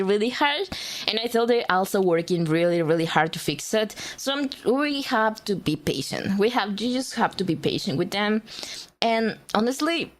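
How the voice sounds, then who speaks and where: A young adult woman streamer in casual livestream chat, telling a rambling story full of swearing and laughter while greeting viewers. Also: medium pitch.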